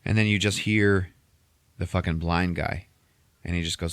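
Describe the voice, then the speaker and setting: Cussing guy recapping a movie on his podcast, kinda low voice, dead dry mic. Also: moderate pace, dry recording. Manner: profane, animated storytelling. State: a bit tipsy. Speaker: podcast host. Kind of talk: casual movie recap chat.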